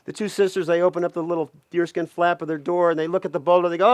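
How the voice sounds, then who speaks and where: A man telling a folk tale aloud, animated, with playful asides. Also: sits high, fast talker, no echo. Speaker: storyteller.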